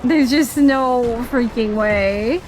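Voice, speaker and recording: A woman streamer narrates her gameplay in a high, drawn-out voice, letting out dramatic groans and yelps of frustration. She speaks very slowly, stretching her words. Faint game music plays behind her. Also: darkish tone. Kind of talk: live gameplay commentary.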